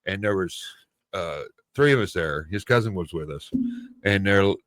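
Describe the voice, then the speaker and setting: A man's voice: low-pitched, lively intonation, normal speed, fairly bright tone, no room sound. A man in his fifties from the US Midwest, co-hosting a podcast and telling a rambling story in casual chat. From Missouri. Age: 50s. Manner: rambling storyteller, frequent fillers. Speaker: podcast co-host.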